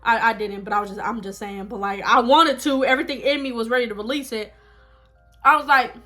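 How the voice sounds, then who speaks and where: Young woman, casual mukbang story, dramatic, high voice. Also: a little fast, soft background music. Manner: animated, dramatic storytelling with laughs. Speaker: vlogger. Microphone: phone.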